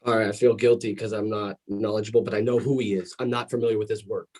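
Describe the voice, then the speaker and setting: Male wrestling student, husky voice, eager casual talk. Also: lowish voice, level tone, fast talker, darkish tone. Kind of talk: casual conversation.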